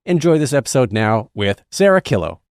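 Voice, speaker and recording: A man's voice: medium pitch, very animated, fairly quick, over music. A man hosting a theatre podcast, chatting casually with a playful, self-deprecating manner. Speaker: podcast host. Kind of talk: casual interview chat.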